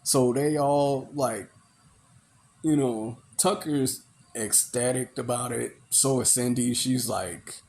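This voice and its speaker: A man's voice: medium pitch, steady tone, slow, darkish tone. A man recapping a movie in a casual, rambling way, full of "you know" and "like". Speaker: movie reviewer.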